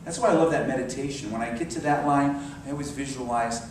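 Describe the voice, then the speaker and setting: A man's voice: medium pitch, fast, hardly any pauses, background noise. Older minister in his 60s, storytelling sermon, very roomy sound, mic at a distance. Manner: storytelling, dropping to soft meditative tones. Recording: very echoey hall, mic far off.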